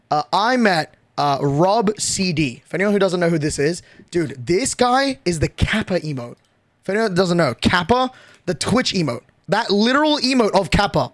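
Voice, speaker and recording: A young man streaming a storytime recap, excitable and swearing casually with frequent laughs. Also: high voice, no room sound. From Australia.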